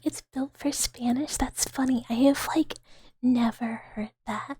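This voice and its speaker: A young woman streaming whispered ASMR chat, talking softly to her viewers and giggling often at herself, close to a sensitive microphone. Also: on the high side, steady tone, unhurried, slightly rough.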